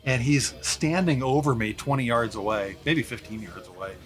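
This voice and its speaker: A man in casual conversation, telling a story in steady, detailed fashion. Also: mid-range voice, moderate pace. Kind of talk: casual hunting chat.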